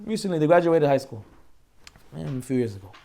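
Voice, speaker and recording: A man teaching an informal Torah class as a rabbi, animated and joking as he acts out the people in his stories. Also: on the high side, brisk, creaky.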